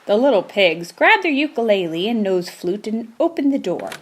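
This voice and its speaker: Expressive woman reading a storybook. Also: medium pitch. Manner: expressive, slow, emphatic repetition. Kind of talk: reading a children's storybook aloud.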